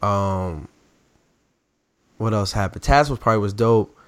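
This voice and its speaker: A man's voice: lowish voice, slow, clean tone, no room sound. A young man from the DMV area co-hosting a casual chat, telling stories and acting out quotes in raised voices. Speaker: podcast co-host.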